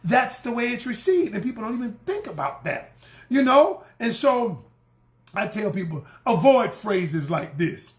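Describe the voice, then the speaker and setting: A man's voice: sits high, very animated, moderate pace, reverberant. A middle-aged man, coaching women on dating in an emphatic style, repeating key lines and acting out the people he quotes. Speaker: relationship coach. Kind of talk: animated coaching talk to camera.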